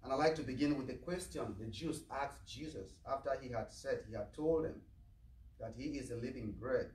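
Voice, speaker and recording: Male priest, mid-pitched, earnest homily, roomy chapel, mic far off. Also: normal speed, darkish tone. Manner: plain, earnest, asks the flock questions. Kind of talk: sermon. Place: chapel of a medical center.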